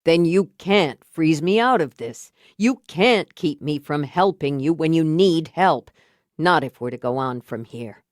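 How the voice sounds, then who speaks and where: A woman doing a stubborn, protective grown man in an audiobook, pressing and blunt, then swearing when he gets angry. The delivery is slow and unhurried, with a low, level tone. The sound is close and dry. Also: expressive, no room sound. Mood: earnest. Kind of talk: audiobook character voicing.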